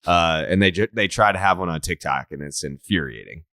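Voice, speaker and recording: A man in his thirties from Massachusetts' North Shore, hosting a casual podcast chat with self-mocking humor and frequent throat clearing. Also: sits low, brisk, pushed and bright, dry recording. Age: 30s. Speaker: podcast host.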